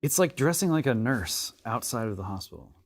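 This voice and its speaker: A man hosting a casual interview chat, relaxed and loose, prompting his guest with questions and many fillers. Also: medium pitch, brisk. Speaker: host.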